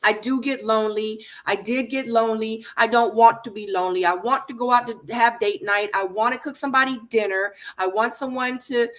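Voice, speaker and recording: Brief: a fairly high-voiced female host, emphatic and ranting, with lots of repetition in a casual recap. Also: steady tone, brisk, hardly any pauses, a bit bright. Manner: emphatic, ranting, repeats her points. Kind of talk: casual reality-show recap commentary.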